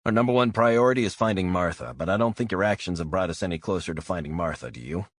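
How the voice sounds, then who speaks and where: Male reader as a fed-up supervisor, firm, husky and dry. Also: sits low, expressive, fast talker, dry recording, voice pushed up. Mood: exasperated. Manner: exasperated, firm. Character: harried male agency supervisor.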